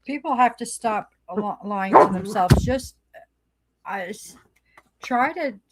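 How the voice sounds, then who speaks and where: A woman joining a casual political chat, speaking haltingly with frequent restarts. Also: on the high side, background noise. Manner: halting, restarts, laughs often.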